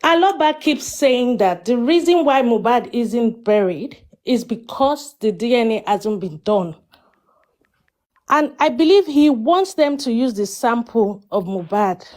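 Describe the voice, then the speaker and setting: A woman weighs in on a live audio discussion, measured and polite, asking pointed questions. Her voice sits a touch above the usual. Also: fairly high pitch, expressive, a little mellow.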